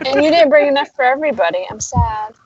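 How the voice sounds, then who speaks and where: Woman cohost cracking jokes, slightly high voice, muffled noisy stream. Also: animated, darkish tone. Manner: teasing, quick quips. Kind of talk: casual chat over video call. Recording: muffled lo-fi stream with clear noise.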